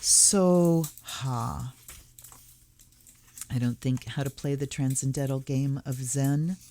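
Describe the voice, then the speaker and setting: A woman's voice: a bass voice, steady tone, dark tone. Reflective woman hosting a tarot unboxing. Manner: reflective, musing, slows down for blessings. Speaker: tarot reader and channel host. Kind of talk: casual unboxing talk, reading passages aloud.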